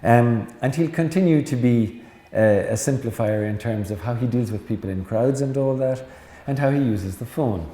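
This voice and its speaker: A middle-aged Irish Jesuit priest speaks at a medium pitch and normal speed with a mellow tone, barely pausing. He gives a chatty lecture packed with anecdotes and teasing asides to his audience. The recording is from an echoey hall with faint noise.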